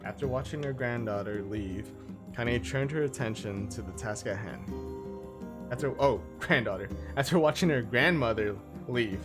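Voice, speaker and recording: A man's voice: mid-range voice, unhurried. Man reading game story aloud over music. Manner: reads aloud, stumbles and laughs at own slips. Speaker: streamer. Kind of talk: reading game text aloud during a playthrough.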